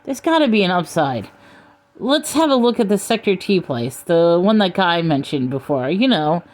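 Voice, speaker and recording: A woman's voice: fairly low pitch, sing-song, normal speed, a little mellow. A woman doing a boastful blustering old man. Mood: curious. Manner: rambling, self-pitying bluster. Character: blustering boastful older man, self-centered.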